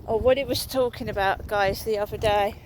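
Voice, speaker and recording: A woman's voice: mid-range voice, fairly even intonation, fairly quick, a little hiss or hum, rough recording. A woman vlogging outdoors on a walk, ranting in an aggrieved, rambling way and swearing freely into a phone. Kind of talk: rambling walk-and-talk vlog.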